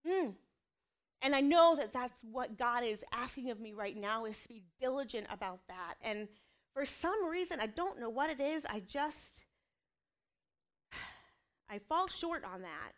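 A woman's voice: fairly high pitch, animated, unhurried, pauses often. A woman in her thirties, a mother speaking candidly and earnestly about her faith and family, with self-deprecating asides. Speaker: mother sharing a personal testimony. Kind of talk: candid personal talk.

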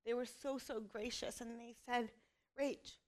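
A mother in her thirties shares a frank, heartfelt testimony about faith and family, poking fun at herself along the way. She speaks at a normal speed with a fairly high, darkish voice and a flat delivery.

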